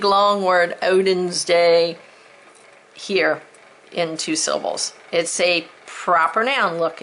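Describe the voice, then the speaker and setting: A woman teacher slowly and clearly sounding out spelling words and letters for her students in a recorded lesson. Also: fairly low pitch, a bit bright, a little hiss or hum, low-quality recording. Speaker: elementary school teacher.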